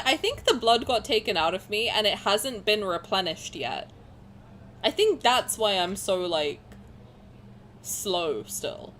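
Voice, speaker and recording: A young woman streaming a game, chatting casually with viewers, swearing, getting excited, with a sore throat. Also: medium pitch, normal speed, slight background noise.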